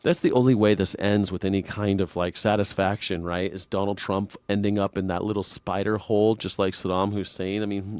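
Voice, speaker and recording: On a live news reaction show, a man with a low, darkish, clean-toned voice trades in crude sarcasm and mockery, breaking into exaggerated mimicking voices. There's no room sound.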